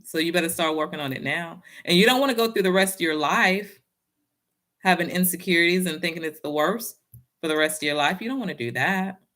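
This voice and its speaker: A woman's voice: on the low side, fairly quick, fairly bright tone. A woman giving a casual motivational talk and telling a personal story, speaking in a down-home way and often addressing her listeners directly.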